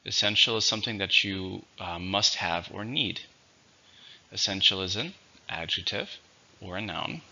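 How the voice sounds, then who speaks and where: Slowly and clearly, a male English teacher with a very deep yet sharp and bright voice dictates vocabulary, marking syllables and stress with patience. The recording is dull and lo-fi.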